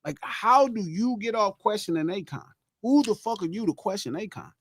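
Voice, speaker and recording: Animated high-pitched man, profane podcast host. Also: normal speed, dry recording. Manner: animated, profane, argues with himself in mock quotes. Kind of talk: casual chat.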